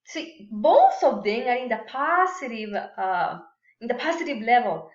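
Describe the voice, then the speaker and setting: A woman whose first language is Spanish teaches grammar in a recorded remote lesson, unhurried and careful, with many fillers and restarts. Her voice sits a little high. The room echoes and the sound is a bit muffled. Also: sing-song. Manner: slow and deliberate, many fillers and restarts, models example sentences.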